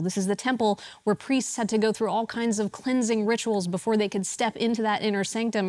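A woman in her thirties delivering a church sermon, easing in with a family story that she tells with light self-deprecating laughs. Her voice sits at a medium pitch. The recording is dry and close, with no room sound. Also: no echo. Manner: warm storytelling, laughs at herself. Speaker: church speaker.

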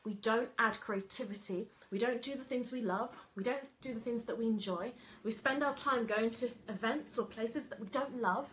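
A woman with a fairly high voice chats away to her live stream viewers as a coach. She is lively and bubbly, and she scatters casual fillers through her talk. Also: normal speed, hardly any pauses, slight background noise. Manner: lively, chatty, full of "like" and "you know". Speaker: coach running an online program.

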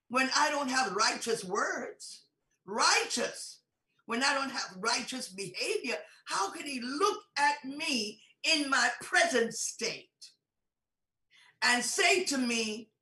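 A woman preaching a teaching sermon with a bright, forceful edge and a slightly high voice. She drives her points home with repetition and rhetorical questions. The sound rings out with the echo of a large hall. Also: animated, slow pace. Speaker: bishop teaching a conference. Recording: roomy echoey hall sound.

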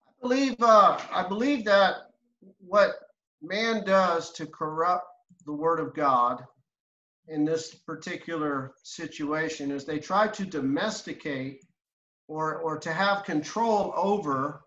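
A man's voice: a little high, slow pace, pushed and bright. A male guest speaking fervently on a religious broadcast, building emphatic lists of reasons. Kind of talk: preaching commentary. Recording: echoey dull-sounding room.

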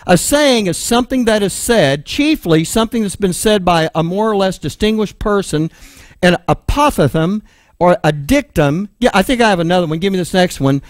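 In an animated, high voice at normal speed, the Texan-accented preacher reads Bible verses aloud and walks through them one at a time, asking questions and answering them himself. He also calls to an assistant for the next slide, and the studio-quality recording is dry.

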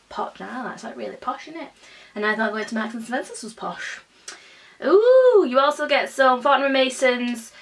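A woman's voice: mid-range voice, fairly bright tone. Bubbly young woman chatting, a bit far from the mic. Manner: bubbly and chatty, with drawn-out exclamations. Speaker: beauty vlogger. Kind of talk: casual unboxing chat.

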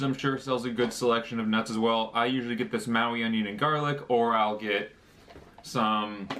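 A man's voice: fairly low pitch, a bit bright, a little hiss or hum. A young man talking casually through a snack review, chatty and joking, with fillers as he lists details. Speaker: vlogger.

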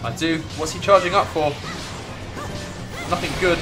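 A young man commentating on his own gameplay with jokey, sweary, animated reactions. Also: fairly high pitch, moderate pace, over music. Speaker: gaming video creator. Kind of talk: let's play commentary.

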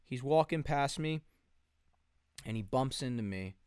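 Smooth-voiced young guy telling a story. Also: medium pitch, animated, measured pace, a little mellow, no echo, studio quality. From New Jersey. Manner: rambling, peppered with "like" and "dude". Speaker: podcast co-host. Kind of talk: casual storytelling. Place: home basement, on a couch.

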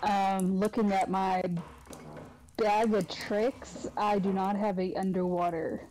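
A woman taking part in a tabletop roleplaying game. She speaks casually and haltingly, pausing to think. A faint noise sits under her voice. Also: mid-range voice, level tone, warm tone, low-quality recording. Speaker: player.

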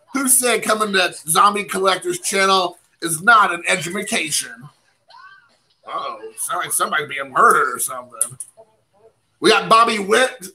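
A middle-aged man from the United States hosting a card-opening livestream, chatting in a rambling, excitable way and calling out to viewers. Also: sits high, poor audio. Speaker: card-breaking livestream host. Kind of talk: casual livestream chat while opening cards.

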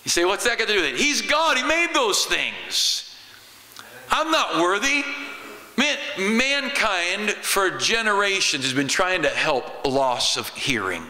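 Bright-voiced preacher in a reverberant church. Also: male voice, sits high, measured pace. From United States. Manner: animated preaching, swings between loud exclamation and quiet asides. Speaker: pastor. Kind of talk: sermon. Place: church sanctuary.

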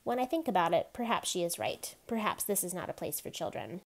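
A woman's voice: lowish voice, big pitch swings, fairly quick. Father: woman reading as a grave army father. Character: grave middle-aged father, army commander, quietly sad.

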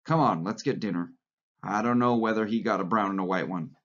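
A man reading the part of a sharp, wary male farmhand who talks curtly and impatiently. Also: fairly low pitch, a little fast, close to an everyday voice. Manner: curt, impatient. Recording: lo-fi recording.

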